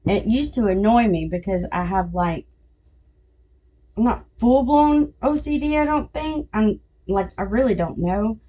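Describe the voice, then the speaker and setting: A woman's voice: medium pitch, lively intonation, measured pace, dark tone. A middle-aged woman hosting a podcast, telling family stories in casual chat and laughing at her own jokes. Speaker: podcast host.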